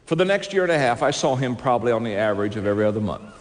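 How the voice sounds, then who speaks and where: A man's voice: medium pitch, expressive, rapid-fire, a little hiss or hum. A man telling a story from the stage in a sermon, acting out the dialogue with lots of animation. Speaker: speaker. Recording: reverberant hall, faint ambience.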